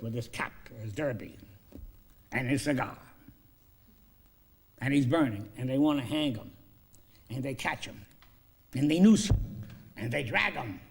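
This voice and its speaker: A man pitching a film story, acting out the characters' lines and swinging between loud and hushed delivery.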